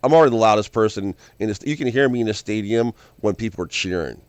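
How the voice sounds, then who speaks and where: Excitable rambling man, dry close sound. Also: fairly low pitch, quick pace, clean tone, no echo. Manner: excitable, repeats and restarts phrases often; calls himself loud, bursts into yells. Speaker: video host. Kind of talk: rambling casual monologue.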